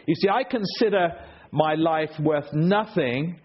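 A man preaching a sermon, telling stories with a rhetorical delivery that swings between loud and hushed. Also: a little high, unhurried, slightly rough. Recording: dull lo-fi recording.

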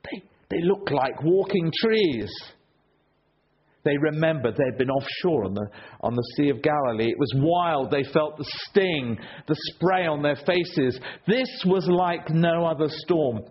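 A man preaching a sermon, telling stories with a rhetorical delivery that swings between loud and hushed. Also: fairly high pitch, normal speed, slightly rough. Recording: dull lo-fi recording.

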